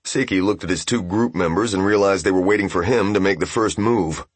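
A man narrating a fantasy game novel as an audiobook, in steady, even storytelling. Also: low voice, brisk, breathy edge, no echo.

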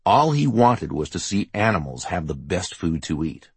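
A man narrating a novel as an audiobook, steady and measured. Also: low voice, breathy edge, dry recording. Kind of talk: scripted narration.

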